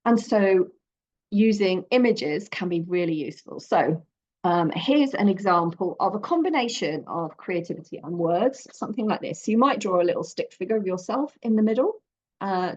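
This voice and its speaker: Woman, slightly low voice, gentle and encouraging, workshop coach, muffled lo-fi sound. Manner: gentle, encouraging, loosely conversational. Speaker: creativity and journaling coach. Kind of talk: guided creative workshop talk.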